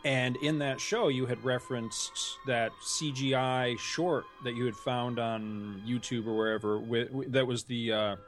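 A man's voice: mid-range voice, fairly even intonation, a little slow, few pauses, soft background music. A man co-hosting a casual podcast, rambling with lots of fillers and restarts and laughing easily. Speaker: podcast co-host.

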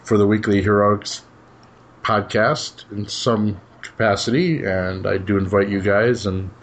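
A man's voice: on the low side, fairly even intonation, measured pace. A man hosting a casual podcast chat, laid-back and chuckling, often trailing off his sentences. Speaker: podcast host.

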